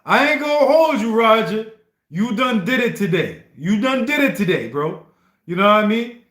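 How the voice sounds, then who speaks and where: High-voiced man chatting on a livestream in a roomy space. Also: very animated, normal speed, fairly bright tone. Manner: slangy, stammering, often asks "you know what I mean". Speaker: livestream host playing song requests. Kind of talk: casual livestream chat. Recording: roomy echo.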